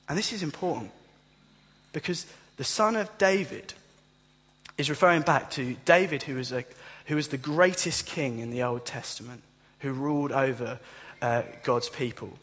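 A man's voice: fairly high pitch, moderate pace, long reverb tail. A man preaching a sermon, telling stories with humour and acting out the voices of the people in them. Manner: animated storytelling, acts out voices with humour.

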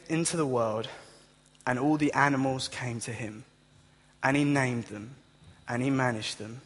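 A man's voice: medium pitch, big-room sound. A man preaching a sermon, telling stories with humour and acting out the voices of the people in them. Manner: animated storytelling, acts out voices with humour.

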